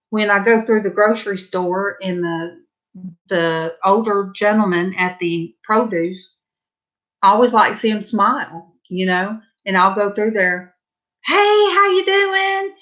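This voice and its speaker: A middle-aged woman with a Southern accent, telling rambling, chatty stories in a casual vlog and brightening her voice whenever she quotes herself. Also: mid-range voice, muffled recording. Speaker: vlogger. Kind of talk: casual storytelling.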